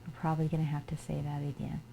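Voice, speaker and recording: Low-voiced woman chatting on a live stream. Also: monotone, very fast, gravelly, warm tone, a little hiss or hum. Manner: chatty, coos at her cats and greets viewers by name. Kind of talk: casual live-stream chat. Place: home streaming room.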